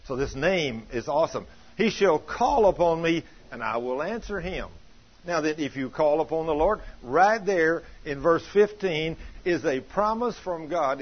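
A man's voice: fairly high pitch, slightly rough, muffled recording. A male preacher giving a sermon, telling a healing story and quoting scripture with earnest conviction.

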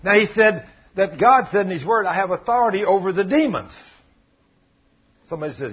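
A man preaching, telling a story and acting out the quotes with big jumps in loudness, in dull lo-fi broadcast audio. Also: high voice, brisk, breathy edge. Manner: animated, acts out quotes with big swings in loudness. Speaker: pastor. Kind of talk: sermon storytelling.

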